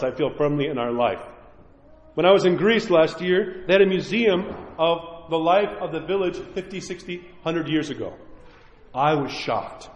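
Impassioned high-voiced priest in echoey hall. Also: male voice, lo-fi sound. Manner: impassioned, pleading, acts out quoted voices. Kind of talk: sermon.

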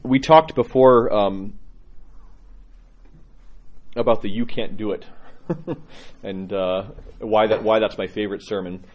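Husky-voiced priest telling stories. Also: male voice, lowish voice, dull audio. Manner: candid, laughing, halting restarts. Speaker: Orthodox priest. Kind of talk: personal storytelling talk.

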